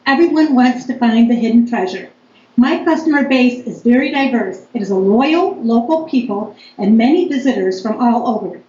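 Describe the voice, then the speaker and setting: A woman giving a firm, deliberate public comment as a local business owner at a town board meeting. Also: on the high side, animated, darkish tone. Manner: firm, deliberate, reading aloud. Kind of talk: reading a prepared public comment. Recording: echoey meeting room, dull lo-fi audio, faint noise.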